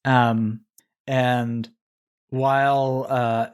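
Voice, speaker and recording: An easygoing man who talks slowly, pausing often as he frames scenes in a casual tabletop game. His voice sits at a middling pitch, and he is quick to laugh. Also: flat delivery, clean tone. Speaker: tabletop role-play player. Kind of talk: casual improvised storytelling.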